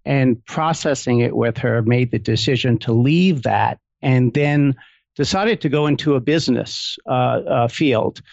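A middle-aged man talks through his path in an easygoing, reflective way, with a rough, gravelly texture in his voice. The recording is slightly dull and lo-fi but dry and close, with no room sound. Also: medium pitch, a little slow, darkish tone, dry recording. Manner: reflective, storytelling, easygoing with light chuckles. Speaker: couples therapist, guest. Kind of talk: casual interview chat.

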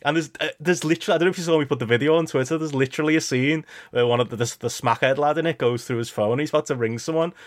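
A man hosting a casual podcast chat, talking in a lively way and laughing often. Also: on the high side, rapid-fire, hardly any pauses. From Liverpool, England. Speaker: podcast host.

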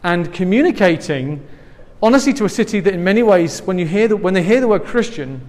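A man's voice: high-pitched, expressive, a little fast, a little mellow. A man with an English accent preaching a sermon through a face mask, earnest and conversational, with asides and light laughs. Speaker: pastor. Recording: long reverb of a large hall.

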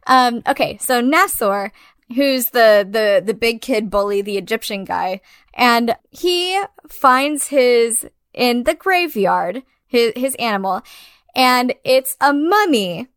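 Woman co-host, high pitch, dry close sound, blunt, sarcastic, profane film critique. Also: expressive, takes it slowly, fairly bright tone, clean tone, no room sound. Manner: blunt, sarcastic, swears often. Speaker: podcast co-host. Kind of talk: casual film review chat.

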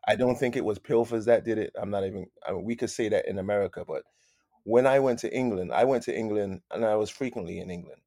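A man with a lowish voice tells stories as an interview guest. He talks in an animated way, circles back on his own phrases and sprinkles in "man". The sound is dry and close. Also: fast, dry recording. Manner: animated, repeats phrases, says "man" a lot. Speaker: guest musician. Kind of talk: casual interview storytelling.

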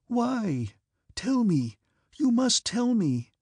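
Gentle young noblewoman, read by a man, raised high and pleading, husky and gravelly. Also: animated, measured pace, no echo, clean studio sound, full character voice. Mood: pleading, tearful. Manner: trembling, pleading.

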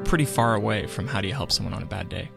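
A man's voice: fairly low pitch, rapid-fire, gravelly, music in the background. A man co-hosting a podcast, telling a story in casual chat and acting out the quotes. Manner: animated storytelling, acts out quotes. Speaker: podcast co-host.

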